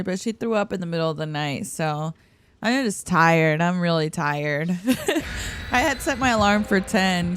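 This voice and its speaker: A woman streamer with a hoarse, tired morning voice, chatting and giggling casually while she plays and reads her chat aloud. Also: lowish voice. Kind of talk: casual gameplay livestream chat. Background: faint background music.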